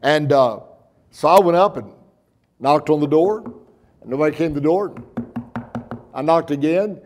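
A man's voice: on the high side, normal speed. A man preaching a sermon, telling a story in a folksy, earnest way. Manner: folksy, earnest, repeats words when excited. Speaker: pastor.

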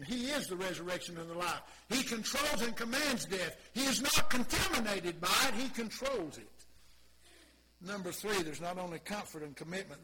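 Impassioned preacher with a bright, high voice. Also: male voice, slight background noise, low-quality recording. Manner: impassioned, swings from soft asides to loud exclamations. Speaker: pastor. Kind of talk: sermon.

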